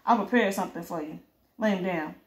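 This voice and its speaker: A woman's voice: fairly low pitch, brisk, roomy sound, close to an everyday voice. A woman voicing a ruthless male gang boss who talks in sneering, foul-mouthed threats.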